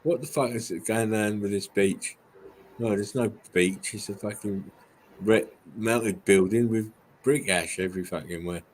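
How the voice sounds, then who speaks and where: A man's voice: fairly low pitch, unhurried, slight background noise, rough recording. An English man in casual livestream chat, rambling with plenty of swearing, stumbling restarts and laughs. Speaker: guest showing buildings on a live stream.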